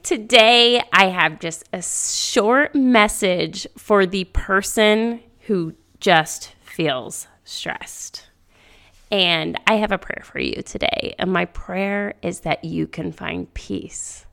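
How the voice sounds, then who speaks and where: Woman host, gravelly voice, slow and gentle encouraging talk. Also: medium pitch. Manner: gentle, reassuring, repeats key phrases. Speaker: podcast host. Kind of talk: faith-based encouragement talk.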